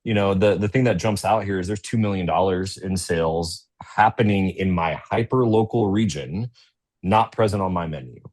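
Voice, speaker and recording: A low-pitched man walks viewers through a software demo on a webinar. He talks in a loose, conversational way and keeps tagging his points with "right?". He sounds like he is speaking into a computer mic on a video call. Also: moderate pace. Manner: conversational, tags sentences with "right?". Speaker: webinar presenter. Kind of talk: casual business webinar walkthrough.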